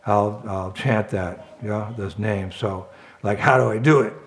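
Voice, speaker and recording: A man's voice: on the low side, measured pace, pitched below the performer's own voice. A man doing an eager, blunt thief. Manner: excitable, blunt, shouts when frustrated. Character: eager simple-minded male thief from Bihar.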